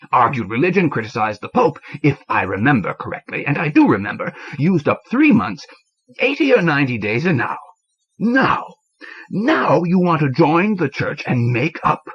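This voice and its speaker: A man's voice: a little high, fairly bright tone, slightly rough, voice pushed up, heavily acted. A man voicing a blustering old priest. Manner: exasperated, blustering when roused. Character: irascible old male priest, nearing sixty. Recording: dull lo-fi cassette audio.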